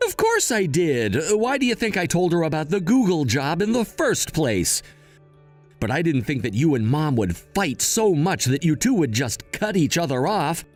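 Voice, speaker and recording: A young man, scheming and whiny, voicing a freeloading brother in an animated story. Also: fairly high pitch, moderate pace, soft background music.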